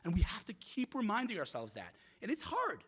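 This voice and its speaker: Lively high-voiced man giving a talk. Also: fairly quick, breathy edge. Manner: animated storyteller who acts out quoted voices; frequent restarts and repeated words. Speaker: guest speaker. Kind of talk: speech at a community event.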